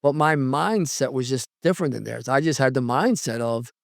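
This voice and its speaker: Male podcast host, casual and lively storyteller, mid pitch, dry studio sound. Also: normal speed, vocal fry, dry recording. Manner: animated storyteller, acts out quotes with pitch jumps.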